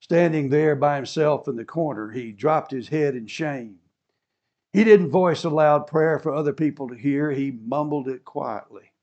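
A man's voice: fairly high pitch, moderate pace, darkish tone, dull audio. A man preaching a sermon, explaining scripture and acting out the people in it with rising fervor. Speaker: pastor.

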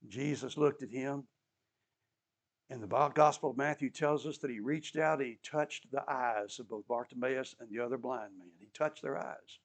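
A man's voice: medium pitch, moderate pace. A man preaching a sermon as an emphatic storyteller who repeats key phrases and adds touches of humor.

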